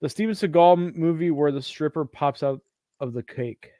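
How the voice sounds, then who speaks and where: A man's voice: a little high, normal speed, dark tone, no echo, studio quality. A man co-hosting a casual chat, crude and joking, often slipping into silly voices. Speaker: podcast co-host.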